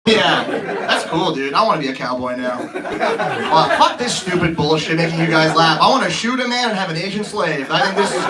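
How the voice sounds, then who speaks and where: A man in his thirties doing brash, teasing, profane crowd work as a stand-up comedian on a club stage. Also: high voice. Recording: distant mic, loud laughing crowd.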